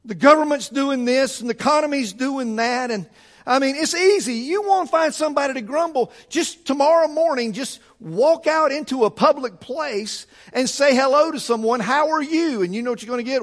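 High-voiced fervent preacher man. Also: lively intonation, normal speed, fairly bright tone. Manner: fervent, repetitive preaching with rising emphasis. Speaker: pastor. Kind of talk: sermon. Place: church sanctuary.

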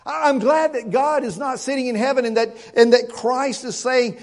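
A man's voice: very high voice, moderate pace. A male pastor preaching a sermon to his congregation, earnest and emphatic, often stammering and repeating words and asking rhetorical questions.

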